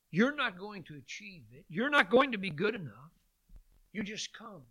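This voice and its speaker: A man preaching a sermon, swinging from loud calls to hushed lines and repeating phrases for emphasis. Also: sits high.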